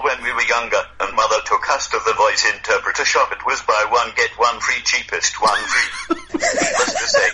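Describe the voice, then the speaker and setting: A man's voice: medium pitch, slight background noise, poor audio. A crude robot-voiced man. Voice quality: flat synthetic speech, deadpan delivery of crude lines. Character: crude robotic-voiced younger brother, touchy and boastful. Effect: text-to-speech synthesiser voice. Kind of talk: comedy sketch on a podcast.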